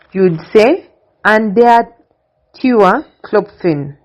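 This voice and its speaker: A woman giving a slow, deliberate language lesson, stating each phrase and then its translation in a steady, patterned way. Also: mid-range voice. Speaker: language teacher. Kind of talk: slow instructional narration. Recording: dull lo-fi recording.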